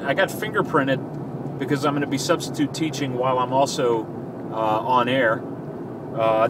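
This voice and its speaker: A middle-aged man from southern Louisiana, a radio fill-in DJ, talking in a rambling, self-mocking way in a casual vlog while he drives. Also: mid-range voice. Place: inside a car. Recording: mic a bit distant, faint road noise.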